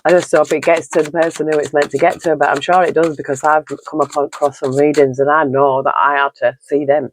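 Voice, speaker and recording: A man with a somewhat high voice talks through a tarot card reading. He rambles and circles back on himself, and his tone stays earnest and encouraging. There is a faint hiss behind him. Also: little pitch movement, fairly quick, few pauses, low-quality recording. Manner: rambling and repetitive, leaning on "you know". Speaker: tarot reader.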